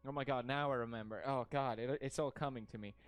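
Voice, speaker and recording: A man's voice: medium pitch, steady tone, quick pace, smooth, no echo, soft background music. A young man from Sweden, streaming casual commentary in a jokey, mock-outraged way and laughing often.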